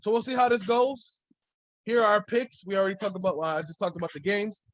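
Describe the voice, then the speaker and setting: A man's voice: sits high, quick pace, muffled recording. A man hosting a solo sports podcast, talking in a loose, rambling way and swearing freely. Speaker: podcast host.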